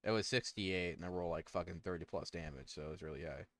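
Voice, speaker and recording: Guy dming a tabletop game, talks fast and bouncy, low-ish voice, dry sound. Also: no room sound. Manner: quick, lively rulings and narration. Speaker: dungeon master. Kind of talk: running a tabletop game over voice chat.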